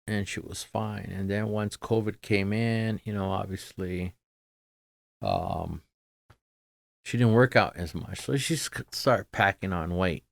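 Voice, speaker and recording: A middle-aged man talking casually as a podcast guest, halting and subdued, trailing off with many fillers. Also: on the low side, creaky, dry recording. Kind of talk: casual conversation.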